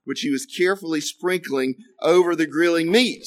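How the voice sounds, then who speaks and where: A man's voice: a little high, normal speed, few pauses. A man preaching to a congregation, telling a joke with dry, self-deprecating asides. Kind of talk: storytelling a joke in a sermon.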